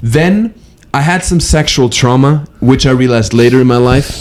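A man's voice: medium pitch, normal speed. A young man hosting a podcast, joking crudely and rambling with restarts in casual chat. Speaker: podcast host.

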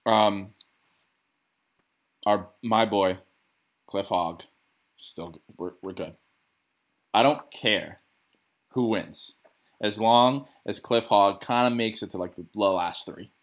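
Excitable, profane podcast host. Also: male voice, lowish voice, slow, long pauses. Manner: excitable, profane, rambling with restarts. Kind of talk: casual sports chat.

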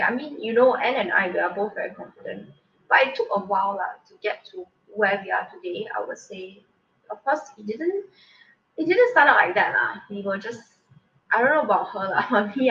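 A woman's voice: fairly high pitch, fairly bright tone, recorded from a distance, dull audio. Chatty woman with a lilt. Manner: candid, chatty, drops in "lah". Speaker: podcast co-host. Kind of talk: casual podcast chat.

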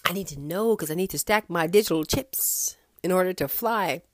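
A woman hosting a podcast, talking in a sassy, animated monologue full of wandering asides. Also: fairly low pitch, moderate pace. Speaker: podcast host.

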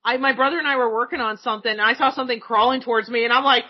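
A woman chatting casually and telling animated, swearing stories, often breaking into laughter. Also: a little high, rapid-fire, highs cut off, slight background noise. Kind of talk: casual chat, storytelling.

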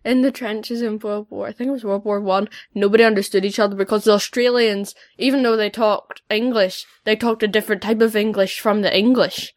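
A woman's voice: medium pitch, steady tone, fairly quick, few pauses, no echo. Cheeky young woman co-host, dry close sound. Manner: cheeky, interrupting. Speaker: podcast co-host. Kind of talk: casual family podcast chat.

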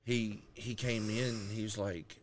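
A man in his thirties co-hosting a podcast, chatting casually with lots of slang and swearing, telling animated stories. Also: lowish voice, unhurried, slight background noise. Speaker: podcast co-host. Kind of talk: casual chat.

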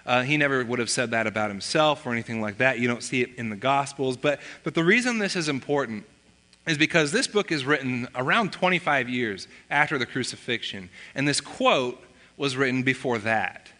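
A man's voice: mid-range voice, expressive, fairly quick, bright, forceful tone, long reverb tail. A man preaching a sermon as a pastor, teaching in a conversational way and posing rhetorical questions to the congregation.

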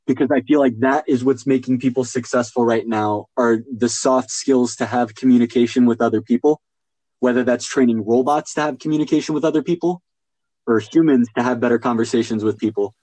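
A man's voice: mid-range voice, steady tone, a little fast, warm tone, no room sound, low-quality recording. A man hosting a casual podcast conversation, talking with enthusiasm and thinking aloud. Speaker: podcast host.

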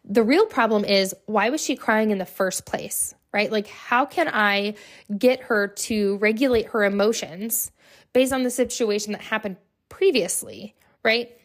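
A woman's voice: medium pitch, unhurried. Chatty young woman hosting a podcast. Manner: chatty, lots of "right?" and "like" fillers. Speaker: podcast host. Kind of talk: casual solo podcast talk.

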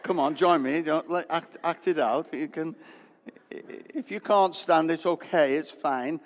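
A man, preaching a lively, joking sermon in a church. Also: fairly high pitch, unhurried, a little hiss or hum. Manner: lively, joking, loud bursts. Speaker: pastor. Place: church hall. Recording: long hall reverb.

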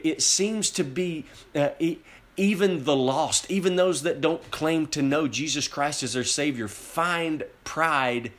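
A man delivering a sermon in a steady, mid-pitched voice. He preaches with earnest emphasis, repeating words and restarting phrases as he presses his point. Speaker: pastor.

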